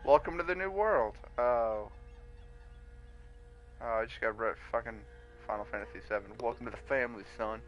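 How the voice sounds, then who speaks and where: A man's voice: mid-range voice, moderate pace, lo-fi sound, faint music behind. A man streaming a video game, chatting casually, reacting to the game and swearing freely. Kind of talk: casual live-stream commentary.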